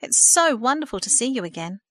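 A woman's voice: on the high side, very animated, brisk, fairly bright tone, no echo, clean studio sound, pitched above the performer's own voice. A woman doing an earnest teenage girl. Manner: earnest, questioning.

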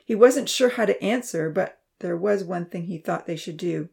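A woman narrating a novel in a steady, measured reading voice. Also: on the low side, vocal fry. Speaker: audiobook narrator. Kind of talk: scripted narration.

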